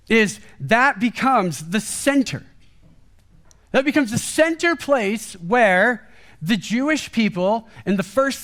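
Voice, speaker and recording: Male guest preacher, high-pitched voice, casual and chatty delivery at a church service. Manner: casual and chatty, peppered with "like" and "kind of"; animated, acts out quoted speech with a raised voice. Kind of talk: conversational sermon.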